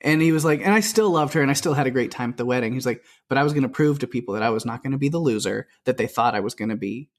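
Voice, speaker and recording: A man's voice: medium pitch, steady tone, rapid-fire, hardly any pauses. A male podcast co-host with a mid-range voice talks casually about a movie. He rambles through scenes, acting out bits of dialogue and piling on fillers as he goes. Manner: rambling, retells scenes with quoted lines. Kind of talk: casual film discussion.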